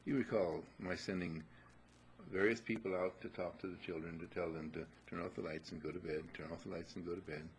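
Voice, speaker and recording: Man, teaching talk, low voice, gravelly, lively pitch, acts out dialogues. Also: fairly quick, a little hiss or hum, rough recording. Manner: acts out dialogues, clears throat often.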